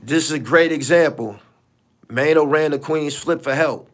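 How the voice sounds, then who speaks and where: Dude hosting a live stream, kinda high voice, blunt and cussing, says stuff twice. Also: male voice, moderate pace. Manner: blunt, profane, repeats himself for emphasis. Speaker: podcast host. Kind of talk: casual live-stream commentary.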